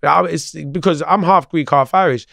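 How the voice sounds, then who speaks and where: A man chatting as a podcast guest, animated, laughing often and restarting his sentences. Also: fairly high pitch, moderate pace, creaky, no echo. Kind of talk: casual chat.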